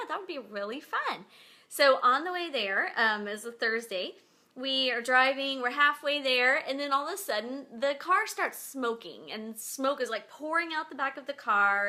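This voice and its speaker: A woman's voice: high-pitched, sharp tone. A woman hosting her own show, chatting casually to viewers from home and rambling through stories with lots of fillers. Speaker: podcast host. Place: at home beside her bed.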